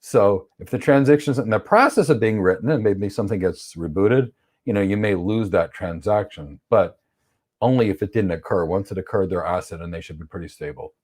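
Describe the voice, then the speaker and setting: A man's voice: fairly low pitch, fairly quick, darkish tone. A man teaching a cloud certification course on a livestream. He reads viewer questions aloud and answers them bluntly, with strong opinions and playful acted-out examples. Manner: acts out examples in playful voices.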